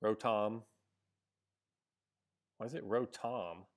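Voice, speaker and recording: A man's voice: mid-range voice, lively intonation, a little slow. A man giving casual live-stream commentary on a game he is playing. He thinks aloud, stops and restarts often with ums and likes, and answers viewers between moves. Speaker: gaming streamer.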